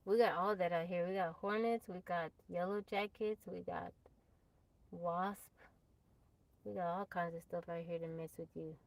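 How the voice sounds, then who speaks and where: A woman's voice: fairly low pitch, steady tone, moderate pace, vocal fry, poor audio. A woman chatting casually on a live stream, laughing often and talking straight to her viewers. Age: adult, mother of a child. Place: tiny house off the grid.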